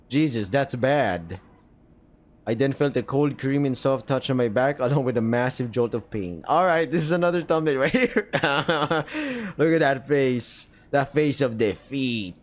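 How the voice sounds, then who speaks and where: A man reading a visual novel aloud and reacting as he plays, excitable, cursing freely and breaking into quick laughing asides. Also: medium pitch. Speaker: gaming video creator.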